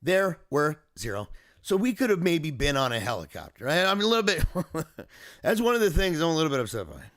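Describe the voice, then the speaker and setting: A man's voice: fairly high pitch, sing-song, a little fast, fairly bright tone, no echo, clean studio sound. A man speaking earnestly and emotionally in a personal video diary, recounting a family emergency as a father. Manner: earnest, emotional, reflective storytelling.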